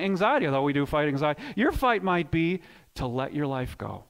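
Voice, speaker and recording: A man preaching a sermon as pastor, swinging between loud emphatic bursts and hushed low lines, often repeating words as he builds a point. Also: big pitch swings, fairly quick. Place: church sanctuary.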